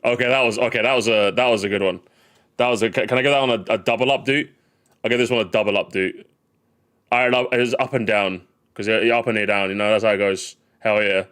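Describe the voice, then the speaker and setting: A man's voice: lowish voice, fairly even intonation, fast, fairly bright tone, clean tone. A man hosting a casual gaming livestream, rambling jokily, repeating phrases and calling his viewers gamers. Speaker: livestream host.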